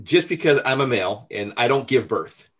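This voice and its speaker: A man's voice: medium pitch, expressive, normal speed, a bit bright. A man co-hosting a podcast, asking the guest plain, curious questions. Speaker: podcast co-host.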